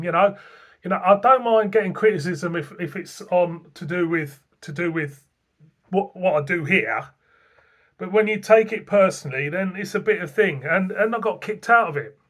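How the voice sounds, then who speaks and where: A man's voice: high-pitched, fairly bright tone. A man with a Northern English accent reviewing beer in a blunt, rambling, sweary way. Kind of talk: casual beer review vlog.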